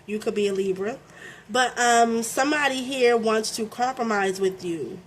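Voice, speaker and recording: A young woman with a Baltimore accent gives a loose, talkative tarot reading. She keeps tagging her lines with "okay?" and drops curse words. Her voice sits a little high, with a faint noise floor under it. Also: normal speed. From Baltimore, USA. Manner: chatty, frequent "okay?" and fillers, swears freely. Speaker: tarot reader. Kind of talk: casual tarot reading to camera.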